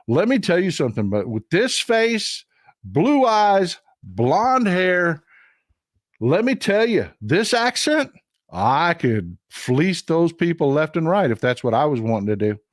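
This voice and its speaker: A man's voice: a little high, sing-song, unhurried, dry recording, studio quality. A man hosting a political commentary livestream, talking bluntly and emphatically, repeating short phrases for weight and thanking viewers who send donations. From Texas. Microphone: streaming setup mic.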